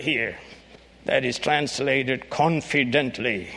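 A man preaching a sermon, emphatic and rising to shouts on key phrases. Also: medium pitch, measured pace, creaky, slightly rough.

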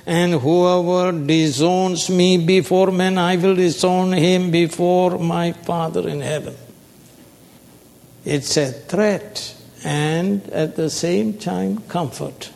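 A man preaching a sermon, slow and emphatic, prompting his listeners with call-and-response questions. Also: sits high, steady tone, vocal fry, a little mellow. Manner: call-and-response, prompting the audience with "what, sir?"; slow, emphatic, stretches key words. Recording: long hall reverb.

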